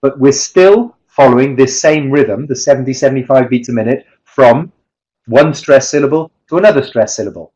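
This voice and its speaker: A man's voice: mid-range voice, normal speed, darkish tone, rough recording. A man giving an online webinar presentation on teaching pronunciation, explaining step by step and chanting rhythm drills.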